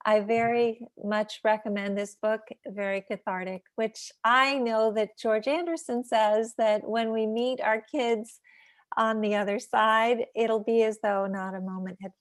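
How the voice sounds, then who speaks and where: A woman's voice: mid-range voice, no echo, clean studio sound. A woman hosting an online talk, reading audience questions aloud with enthusiasm.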